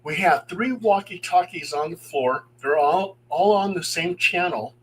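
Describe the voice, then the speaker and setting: A middle-aged paranormal investigator tells his ghost stories with gusto, and his voice sits a little high for a man. He acts out the voices of the people in his stories and chuckles now and then. A faint hum runs under the recording. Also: measured pace, low-quality recording. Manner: animated, acts out quoted voices, chuckles as he talks. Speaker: paranormal investigator and guest storyteller. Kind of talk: telling true ghost stories on a live stream.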